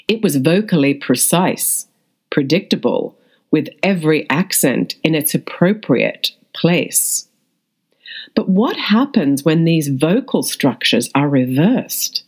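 A woman actor reading a scripted audio essay in a measured, deliberate way. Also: sits low, husky. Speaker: actor and media studies student.

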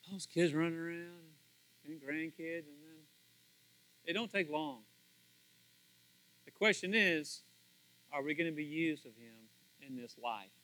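A man preaching a sermon as pastor, animated and acting out little dialogues with swings from loud to soft. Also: on the high side, poor audio. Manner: animated, acts out quoted dialogue, big swings in loudness.

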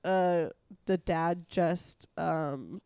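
A woman's voice: on the low side, very slow, warm tone, smooth, dry recording. A woman guest in a casual podcast chat, apologetic and heavy on "like" fillers.

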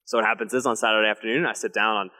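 A young man preaching a sermon to his church, telling a family story with lively storytelling and then dropping into a hushed, intense delivery. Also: fairly low pitch, racing. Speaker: pastor. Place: church sanctuary. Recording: long hall reverb.

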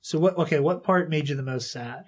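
A woman's voice: deep voice, fairly quick, slightly rough. A woman hosting a podcast in casual chat, chatty, laughing often and restarting her sentences. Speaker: podcast host. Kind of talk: casual chat interviewing a child guest.

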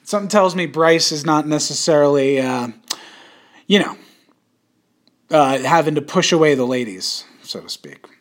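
High-voiced joking male podcast host. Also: expressive, moderate pace, long pauses. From suburbs of New York City. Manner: crude joking, puts on an old-timey voice. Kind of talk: casual podcast chat.

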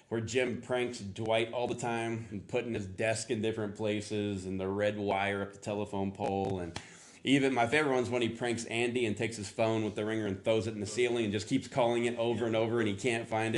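A man's voice: fairly low pitch, a little hiss or hum. A middle-aged man preaching a casual sermon, rambling and chatty as he coaxes answers from the congregation. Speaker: pastor.

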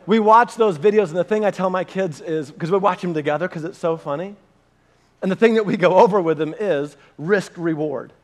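High-voiced male pastor preaching. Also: fairly quick. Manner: animated storyteller, addresses the congregation directly. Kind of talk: sermon. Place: church meeting room with a live audience.

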